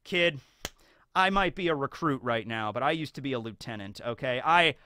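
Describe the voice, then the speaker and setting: A man's voice: mid-range voice, expressive, moderate pace, pushed and bright, clean tone, no echo, studio quality. A man voicing an arrogant, grumbling male marine in his thirties who talks in a boastful, sulky way.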